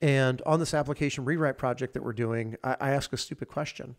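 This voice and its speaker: A man's voice: mid-range voice, steady tone, a little fast. A man in his fifties, a podcast guest, telling his career story in a rambling, casual way with many fillers and restarts.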